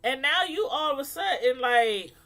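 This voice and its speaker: A YouTube reviewer of reality shows chats casually to camera in African American Vernacular English. Her voice sits high at a normal speed, and she's animated, laughing often while acting out voices.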